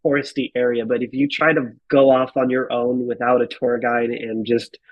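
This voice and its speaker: An animated man in his thirties tells a travel story on a podcast. His talk is casual and full of swearing. His voice sits at a middle pitch, and the recording is dry with no room sound. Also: normal speed, dry recording, dull audio. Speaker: podcast guest.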